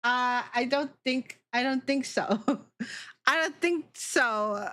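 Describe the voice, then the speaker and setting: A woman's voice: high-pitched, slow, bright, forceful tone. A young adult woman streamer chatting casually, giggling a lot and swearing as she reacts to chat.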